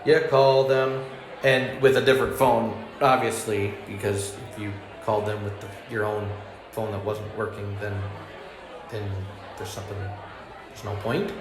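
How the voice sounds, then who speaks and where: A man's voice: on the low side, flat delivery, moderate pace, music in the background. Rambling man telling stand-up stories. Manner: rambling, frequent fillers and restarts, laughs at own jokes; acts out angry and sweet customer voices. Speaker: stand-up comedian. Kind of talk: stand-up comedy monologue. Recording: roomy ambience with faint noise.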